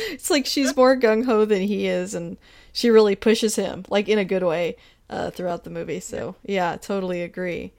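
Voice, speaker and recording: A woman talks casually about a film with a friend, laughing often and playing out the characters' lines in quick bursts. Her voice sits at a middling pitch and sounds dry and close, with no room around it. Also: fairly even intonation, creaky, darkish tone, dry recording. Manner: chatty, laughs often, acts out quoted lines.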